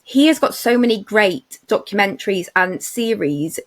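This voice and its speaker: A woman's voice: medium pitch, lively intonation, normal speed. A woman co-hosting a podcast, chatting casually and enthusiastically with lots of fillers and restarts. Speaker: podcast co-host. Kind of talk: casual chat.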